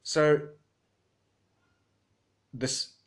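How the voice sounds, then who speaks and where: An Australian man livestreaming from his phone in a rambling, casual monologue, reading out viewer comments as he goes. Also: drawn-out words.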